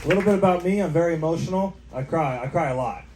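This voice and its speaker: Performing stand-up before a loud crowd in a bar, this young comedian speaks in a rapid-fire, slightly high voice. His delivery is a casual ramble stuffed with "like" and "right?". Echo and background noise fill the recording.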